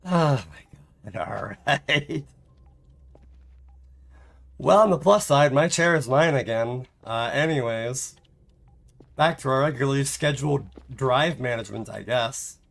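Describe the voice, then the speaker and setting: A man's voice: mid-range voice, lively intonation, measured pace, vocal fry, pauses often. A man streaming a game live, chatting casually in a rambling, self-mocking way and laughing often.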